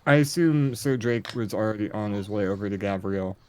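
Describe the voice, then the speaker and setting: A man's voice: lowish voice, brisk, darkish tone, clean tone. A man playing a tabletop role-play game, speaking with many hesitations. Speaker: player. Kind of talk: in-character table chat.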